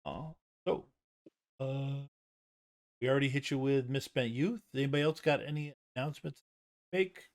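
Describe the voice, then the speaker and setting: A man running a tabletop game on a stream, talking casually and haltingly with many pauses and restarts. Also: medium pitch, fairly even intonation. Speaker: game master. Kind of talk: casual game master chat and stream sign-off.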